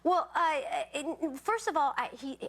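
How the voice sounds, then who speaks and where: A woman's voice: high voice, lively intonation, measured pace. A woman guest on a late-night talk show, giggly and hesitant, with many fillers and restarts. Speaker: actress guest. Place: television studio. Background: studio audience laughter.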